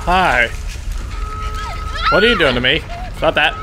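A gaming channel host gives joking let's play commentary, talking to himself as he plays and jumping at the scares. His voice is on the high side and a little slow, set against a noisy background with game music.

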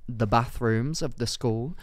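A man's voice: medium pitch, unhurried, dry recording, clean studio sound. A young man co-hosting a podcast, telling rambling anecdotes in casual chat. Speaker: podcast co-host.

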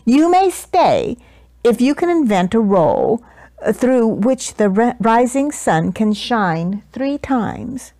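A woman's voice: a little high, very animated, slow pace, dark tone, no room sound, exaggerated voice. A woman voicing an angry, commanding male duke who roars his orders. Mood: stern. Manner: roaring, commanding.

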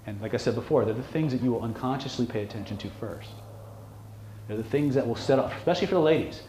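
A man's voice: medium pitch, fast talker, mellow. A man teaching a seminar on hypnosis and lie detection, blunt and joking, often asking "okay". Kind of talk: casual seminar lecture to a live group. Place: seminar room with audience. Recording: echoey room, faint noise.

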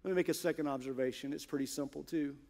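A male pastor preaching a sermon in church, earnest, moving from hushed asides to emphatic, stressed points. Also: a little high, fairly even intonation, quick pace, vocal fry.

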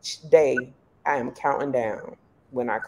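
A woman on a casual panel who talks in a relaxed, agreeable way with casual slang. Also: extremely low pitch, unhurried, a little hiss or hum, low-quality recording.

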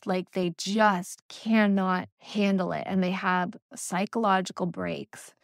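A woman hosts a spiritual podcast in an earnest, wandering way, leaning on little fillers as she thinks aloud. Her mid-range voice has a steady gravelly fry running through it. The sound is close and dry, with no room around it. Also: mid-range voice, slow, few pauses, no room sound. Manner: earnest, rambling, with many "you know" and "like" fillers. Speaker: podcast host. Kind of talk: spiritual solo podcast talk.

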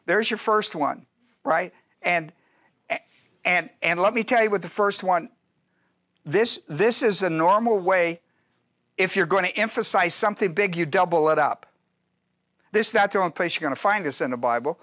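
A man's voice: high voice, normal speed, pauses often, pushed and bright, dry recording, studio quality. A man teaching a Bible study as pastor, talking in an emphatic, repetitive way and checking often that his listeners follow.

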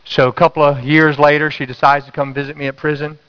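A man preaching a sermon, calling out to the congregation and dropping to a hush for quoted words. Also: a little high, flat delivery, quick pace, clean tone, in a large hall, highs cut off. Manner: call-and-response preaching, swings from loud to hushed. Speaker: pastor.

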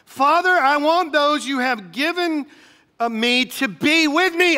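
Pastor, male, very high bright tenor, energetic preacher leading call-and-response, church hall echo. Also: unhurried. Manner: energetic, rises to shouting bursts; leads congregation call-and-response. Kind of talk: sermon. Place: church sanctuary.

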